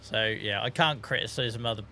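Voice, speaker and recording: A man's voice: lowish voice, moderate pace, bright, forceful tone, slight background noise. A man with a Norfolk accent chatting casually with his live-stream chat while playing, laughing often and reading out messages. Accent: Norfolk English. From England. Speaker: game streamer.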